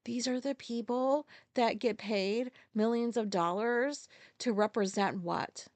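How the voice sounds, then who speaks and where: A woman rants into a close podcast mic in a casual solo monologue. Her voice sits a little high and sounds dry, with no room around it. She swears freely and sounds fed up. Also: takes it slowly, darkish tone, no echo. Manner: profane, exasperated ranting. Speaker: podcast host.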